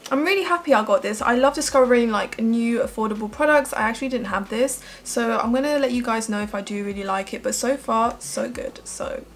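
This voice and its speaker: A woman's voice: fairly high pitch, brisk, few pauses, a little hiss or hum. A young woman chatting through a makeup tutorial as a beauty vlogger, gushing and emotional. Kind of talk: casual makeup tutorial chat.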